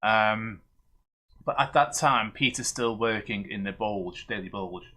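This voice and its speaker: A man's voice: lowish voice, unhurried, sharp tone. A man casually recapping comics as the host of a streamed review show, rambling with many fillers and restarts.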